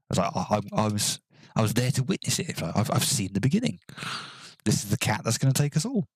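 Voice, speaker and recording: Man, gaming commentary, lowish voice, rambling jokes, quiet muttered counting. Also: no echo, clean studio sound. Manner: rambling, joking, counts quietly under his breath. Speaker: gaming channel host.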